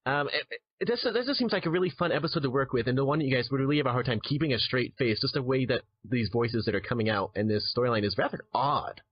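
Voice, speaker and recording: Male interviewer, mid pitch; rambling questions, lots of fillers; muffled lo-fi audio. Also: fast. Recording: dull lo-fi sound.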